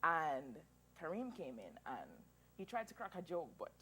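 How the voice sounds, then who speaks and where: A woman in her thirties telling a personal story as an interview guest, animated and emotional, laughing through tears. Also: low voice, normal speed, slightly rough. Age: 30s.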